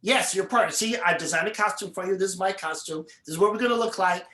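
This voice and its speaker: A man's voice: sits high, quick pace, sharp tone, roomy sound. A man voicing a bossy, demanding fifteen-year-old girl who talks in a pushy, insistent way.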